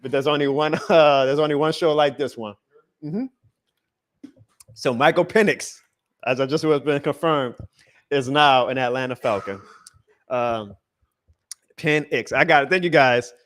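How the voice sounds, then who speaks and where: A man hosting a live reaction stream in a casual, excitable, rambling way, chuckling often as he talks to his chat. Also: mid-range voice, unhurried, pauses often.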